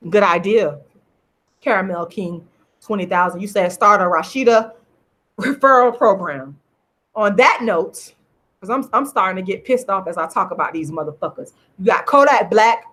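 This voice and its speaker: A middle-aged woman, an online commentator, rants angrily to the camera in a vlog, swearing and repeating herself to drive her points home. Her medium-pitched voice is somewhat bright and moves at a moderate pace.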